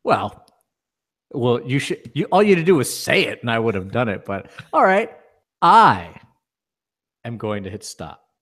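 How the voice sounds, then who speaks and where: A man's voice: medium pitch, big pitch swings, moderate pace. A man co-hosting a podcast, chatting casually in a wry, self-deprecating way. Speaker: podcast co-host. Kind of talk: casual chat.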